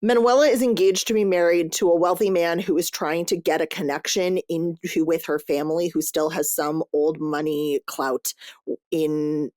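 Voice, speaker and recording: A woman's voice: sits low, moderate pace, dry recording. Chatty woman podcast host, dry sound. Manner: lively, chatty, swears casually. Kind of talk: casual book review chat.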